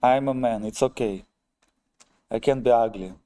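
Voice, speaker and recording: A man with a Russian accent, a native Russian speaker, chatting on his live stream in a wry, self-mocking way and calling his viewers "ladies and gentlemen". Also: mid-range voice, normal speed, clear, resonant tone. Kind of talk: casual live-stream chat, reading viewer comments.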